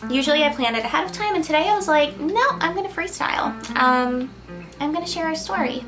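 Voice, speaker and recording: High-voiced woman giving soothing reassurance. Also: fast, music in the background. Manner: soft, reassuring, casual with fillers, laughs between lines. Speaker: crystal healer giving a channeled message. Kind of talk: gentle spiritual pep talk to camera.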